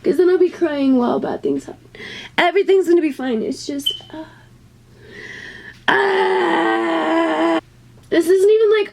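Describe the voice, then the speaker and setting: Young woman vlogger, high voice, scared and cussing, pep-talking herself on a camera mic at home. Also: a little slow, vocal fry, pauses often, darkish tone. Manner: nervous, swearing, talking herself into it. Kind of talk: casual vlog talking to camera. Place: home utility space by a water heater.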